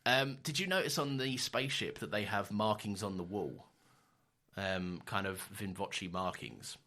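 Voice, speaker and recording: A young man co-hosting a podcast in casual chat, animated, laughing often and swearing casually. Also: on the low side, unhurried. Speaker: podcast co-host.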